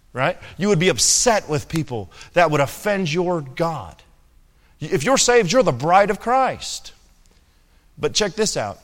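A man's voice: a little high, fairly bright tone, long reverb tail. A man preaching a sermon in a church, talking with the congregation through rhetorical questions and asides. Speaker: pastor.

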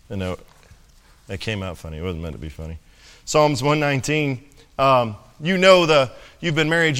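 A man's voice: mid-range voice, a bit bright, in a large hall. A young man preaching a sermon in a conversational, joking way, often asking "right?". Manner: conversational, jokey preaching with many "right?" asides. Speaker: pastor.

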